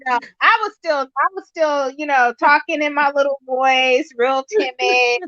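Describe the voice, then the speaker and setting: A woman's voice: sits high, moderate pace, slight background noise. A woman guest on a casual panel chat, talking bluntly and swearing as she tells stories. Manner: blunt, animated storytelling, swears. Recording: dry dull lo-fi call audio.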